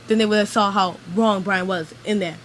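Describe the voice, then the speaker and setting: A woman talks straight to camera in a loose, rambling rant, circling back and restarting her sentences. Her voice sits at an ordinary middle pitch. A faint hiss of background noise runs under her words. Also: steady tone, brisk, rough recording. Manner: rambling, venting, heavy use of "like". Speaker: vlogger. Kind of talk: ranting vlog monologue.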